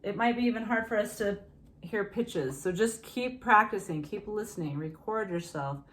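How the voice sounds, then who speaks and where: A woman's voice: mid-range voice, moderate pace, a bit bright. A woman teaching singing in a casual, encouraging way, often breaking into short sung hymn phrases. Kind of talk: casual vocal lesson with sung demonstrations.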